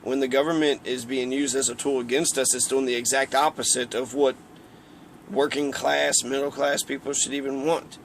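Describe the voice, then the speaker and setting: A man's voice: medium pitch, flat delivery, moderate pace, slight background noise. A man giving a casual, heated political rant, rambling and swearing often. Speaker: political commentator.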